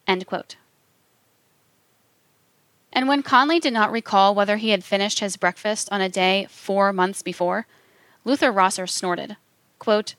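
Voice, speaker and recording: A woman reading scripted documentary narration in a measured, formal way. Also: mid-range voice, fairly bright tone, no echo. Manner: measured, reads quotations aloud with formal announcements.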